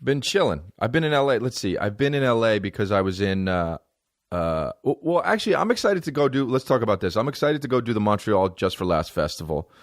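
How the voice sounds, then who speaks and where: Profane rambling comedian, low dry voice. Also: male voice, big pitch swings, a little fast, no echo. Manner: rambling, profane, acts out people in high mocking voices. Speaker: podcast host, comedian. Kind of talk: casual comedic monologue.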